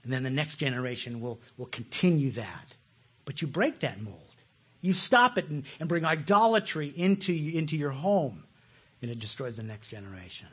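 Husky preacher man, passionate sermon. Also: mid-range voice, expressive, moderate pace. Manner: passionate, swinging between loud pleas and hushed asides. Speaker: pastor.

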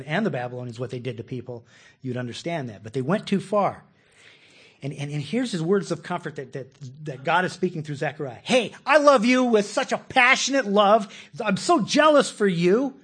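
Husky man preaching an emphatic sermon. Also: a little high. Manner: emphatic, asks questions of the congregation. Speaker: pastor.

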